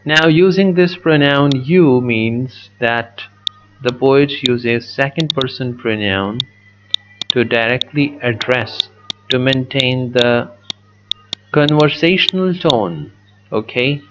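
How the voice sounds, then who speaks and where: A man teaching a poetry lesson, slow and methodical, repeating words as he writes on the screen. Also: medium pitch, dull audio, noisy background. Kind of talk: poetry lesson with a digital pen.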